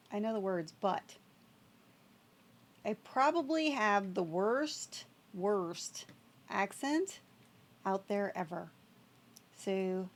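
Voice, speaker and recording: A woman game streamer chatting casually on a live stream, laughing often and greeting viewers in chat as she plays. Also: mid-range voice.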